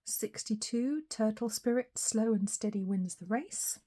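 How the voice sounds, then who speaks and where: Woman, slightly hoarse, husky, soft mellow tone, chatty tarot reading. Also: a little high, unhurried. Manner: chatty, laughs often, some soft whispery asides. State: hoarse, recovering from a cold. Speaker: tarot reader.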